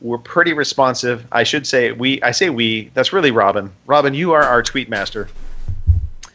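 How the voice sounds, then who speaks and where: A man's voice: mid-range voice, moderate pace, pushed and bright. A man from the United States co-hosting a casual podcast, joking and rambling through the show plugs. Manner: jokey, rambling announcer reading plugs. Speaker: podcast co-host.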